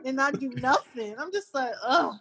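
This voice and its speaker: A woman's voice: sits high, expressive, normal speed. A young woman in casual group chat, ranting in an exasperated way. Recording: long hall reverb.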